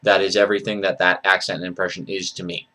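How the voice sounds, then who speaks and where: A man talking casually in a vlog, rambling and hesitant with many pauses. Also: sits low, flat delivery, sharp tone. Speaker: vlogger.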